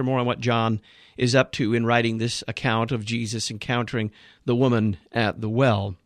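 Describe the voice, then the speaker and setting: A man's voice: medium pitch, a bit bright, no room sound, studio quality. A man hosting a radio program, critiquing a sermon he has just played in an emphatic, preaching manner.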